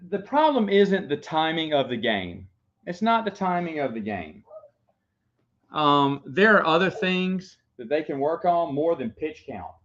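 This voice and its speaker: Rambling young dad on a dull recording. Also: male voice, on the high side. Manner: rambling, laughs often, talks to his baby. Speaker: vlogger. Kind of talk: casual chat. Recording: dull lo-fi sound.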